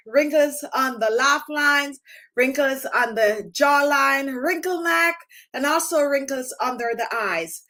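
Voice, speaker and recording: High-pitched lady doing a chatty skincare livestream at home, talks right to viewers. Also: measured pace, bright, forceful tone. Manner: chatty, addressing viewers directly. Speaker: skincare channel host. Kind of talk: live-stream skincare tips.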